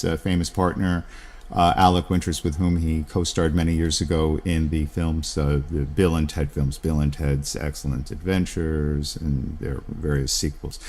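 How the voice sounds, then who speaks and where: A man hosting a podcast, talking about literature in a discursive lecture style, with many fillers and restarts. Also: deep voice. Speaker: podcast host.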